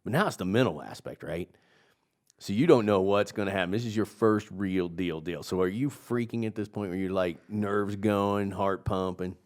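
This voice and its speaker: A man hosting an interview, animated and joking, pushing his guest with questions. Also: low-pitched, moderate pace. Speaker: interview host. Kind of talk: casual interview.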